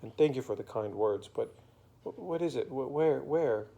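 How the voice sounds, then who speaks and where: A man's voice: mid-range voice, animated, moderate pace, gravelly, mellow, dull audio. A man voicing a timid, sad little girl who sniffles and stammers in an improvised bedtime story. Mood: sniffly, shy.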